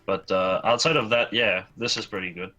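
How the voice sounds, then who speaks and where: A man's voice: lowish voice, fairly even intonation, normal speed, pushed and bright, dull audio, soft background music. A man co-hosting a casual livestream, giving easygoing advice on game builds. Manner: easygoing, advising. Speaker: co-host.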